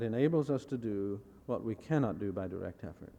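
A man preaching a sermon in a measured way, repeating key phrases and putting rhetorical questions to his listeners. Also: fairly low pitch, animated, vocal fry, dark tone, long reverb tail, dull audio. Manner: asks the audience rhetorical questions.

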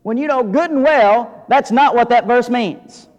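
A man preaching a sermon as pastor, earnest, swinging from loud emphasis to quiet intensity. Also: extremely high pitch, measured pace, highs cut off. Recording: long hall reverb.

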